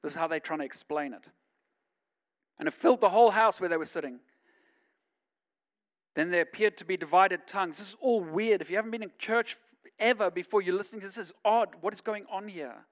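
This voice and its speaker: Aussie pastor guy preaching, pretty high voice, chatty then gets loud and fired up. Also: a little fast, long pauses. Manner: conversational, swings from quiet to loud emphatic preaching. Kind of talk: sermon.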